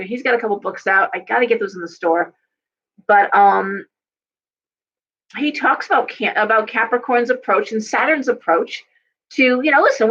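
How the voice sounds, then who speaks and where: A woman's voice: fairly high pitch, fairly bright tone, highs cut off. A middle-aged woman giving a casual live-stream tarot and astrology reading, talking bluntly to her viewers and swearing freely when fired up.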